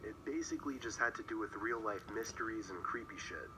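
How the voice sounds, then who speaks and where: A man's voice: on the low side, a little fast. A man reading a first-person story in a plain, conversational way. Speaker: story narrator. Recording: noisy recording.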